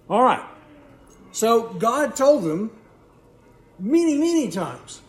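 High-voiced preacher in an echoey hall. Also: male voice, big pitch swings, very slow, pauses often. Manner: repeats words, asks the congregation questions. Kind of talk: sermon. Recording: echoey room, faint background noise.

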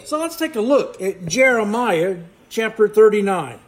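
A man with a high, sing-song voice preaches a sermon at a measured pace, frequently repeating himself and putting questions to the congregation. The room is echoey, with faint background noise.

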